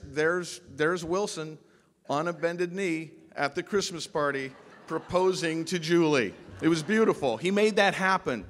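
Man telling stories at a memorial, echoing hall. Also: a little high. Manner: storytelling with humor, restarts and emphatic pauses. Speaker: eulogist speaking at a memorial. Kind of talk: anecdotal memorial speech. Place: large pavilion hall. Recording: long hall reverb.

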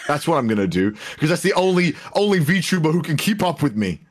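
A man's voice: fairly high pitch, big pitch swings, fairly quick. A man streamer in casual banter, smugly teasing and mock-stern with his co-host.

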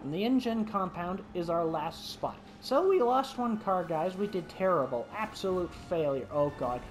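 A man's voice: high voice, lively intonation, normal speed, soft background music. A man giving let's play commentary who talks to the dinosaurs on screen and yelps and shrieks when startled. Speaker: gaming commentator.

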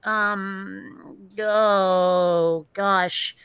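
A woman's voice: mid-range voice, fairly even intonation, a bit bright, smooth, no room sound. Chatty woman with a dry close sound. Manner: chatty, rambling, quick to laugh. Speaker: live stream host. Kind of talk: casual chat on a live stream.

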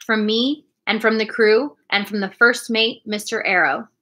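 Brief: a woman playing a stiff, blunt sea captain in a storybook, bright voice, disapproving. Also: fairly high pitch, fairly even intonation, normal speed. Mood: stern. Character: stern blunt ship's captain, man.

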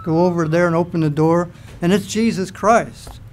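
High-voiced man preaching a sermon. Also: moderate pace, a little hiss or hum. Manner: animated storytelling, acts out scenes. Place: church.

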